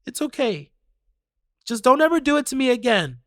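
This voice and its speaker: A man voicing a worried, tearful mother who softly comforts her son in a horror story reading. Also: extremely high pitch, big pitch swings, normal speed, no room sound, studio quality, pitched above the performer's own voice, full character voice. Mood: tearful relief. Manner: soft, hushed and soothing.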